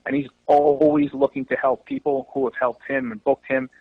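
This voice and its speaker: A man telling stories in a casual podcast chat, animated and loose, swearing freely as he goes. His voice sits at a middle pitch and sounds dry and close. The recording is a little dull and lo-fi. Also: moderate pace, vocal fry, dry recording. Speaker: wrestling promoter guest.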